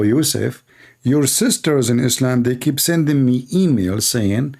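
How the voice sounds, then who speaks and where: A Middle Eastern man whose first language is Arabic speaks English with an Arabic accent in an unhurried, medium-pitched voice with vocal fry and some mellowness. As a Christian apologist hosting a call-in debate show, he teases callers with mocking sarcasm.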